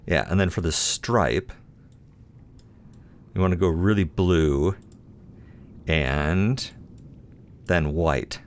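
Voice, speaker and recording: A man's voice: sits low, drawn-out words, pauses often, slight background noise. A man giving casual commentary while playing a game, chatty and playful, talking to himself and teasing himself as he goes. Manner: self-deprecating, playful. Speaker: let's play host.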